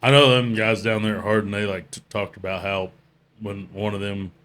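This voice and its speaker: A man's voice: fairly low pitch, level tone, normal speed, fairly bright tone. A man hosting a casual podcast chat, telling rambling, profane work stories among friends. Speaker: podcast host.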